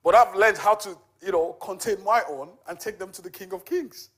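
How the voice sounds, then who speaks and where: Man telling a church testimony, higher voice. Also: normal speed, fairly bright tone, husky. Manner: conversational storytelling with frequent fillers. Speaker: charity volunteer giving a testimony.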